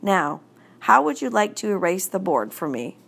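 A woman's voice: medium pitch, big pitch swings, moderate pace, creaky, fairly bright tone, slightly rough, full character voice. A woman voicing a stern, moody schoolteacher who speaks in a prim, grumbling way, in an audiobook reading. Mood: calm, coaxing. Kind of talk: audiobook character voice.

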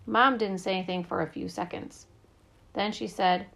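A woman narrating a children's story in the first person, lively and brisk. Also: medium pitch, vocal fry. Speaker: audiobook narrator.

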